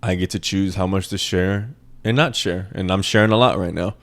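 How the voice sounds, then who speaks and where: Male podcast host, casual profane rant, repetitive for emphasis, low-pitched. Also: fairly even intonation, brisk. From American South. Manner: profane, rambling, repeats lines for emphasis.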